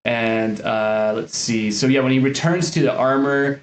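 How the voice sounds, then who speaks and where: A man's voice: medium pitch, fairly even intonation, unhurried, echoey room, rough recording. A man co-hosting a podcast, casually recapping scenes with frequent fillers. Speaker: podcast co-host.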